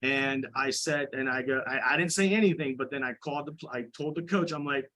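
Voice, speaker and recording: Male coach, mid-pitch, indignant public commenter who rambles with restarts. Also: a little fast, hardly any pauses, bright, forceful tone, rough recording. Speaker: high school girls lacrosse coach. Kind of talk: public comment at a committee meeting.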